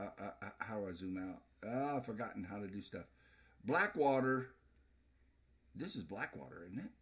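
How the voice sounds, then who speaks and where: A man's voice: medium pitch, fairly bright tone. A man playing a video game and commenting as he goes, laughing often and stammering through fillers. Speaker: let's play host. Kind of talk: gameplay commentary.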